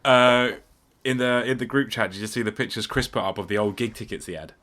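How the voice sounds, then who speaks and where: A podcast co-host chats casually and animatedly, swearing freely and laughing often. His mid-range voice is fairly bright, fairly quick, and fairly even in intonation.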